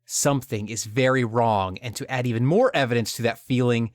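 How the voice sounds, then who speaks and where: Male podcast host: dramatic game-story narrator, jokey asides, mid-pitched, dry close sound. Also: brisk, no echo. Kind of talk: comedic retelling of a video game story.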